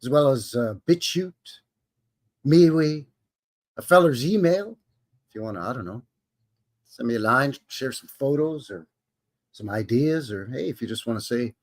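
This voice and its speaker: A man's voice: medium pitch, expressive, unhurried, pauses often. A man with a Canadian accent hosting a live stream, greeting his chat in a jokey, folksy way. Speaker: livestream host.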